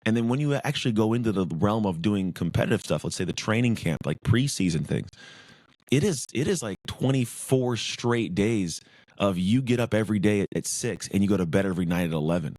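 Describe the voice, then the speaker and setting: A man's voice: lowish voice, animated, brisk, a little mellow, dry recording, studio quality. A man speaking as a podcast guest, former pro football player, talking intensely and emphatically in repeated lists. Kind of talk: casual interview talk.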